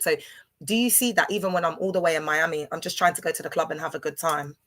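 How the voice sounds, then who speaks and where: A woman's voice: sits low, fairly even intonation, fast talker, a bit bright. A woman, hosting a livestream and telling a rambling personal story full of fillers and restarts. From London. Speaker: livestream host. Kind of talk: casual storytelling monologue.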